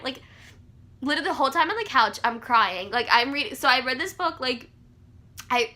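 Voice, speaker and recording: A young woman chatting casually about books she read, gushing and excitable with lots of fillers. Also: fairly high pitch. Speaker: book vlogger. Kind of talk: casual book review chat.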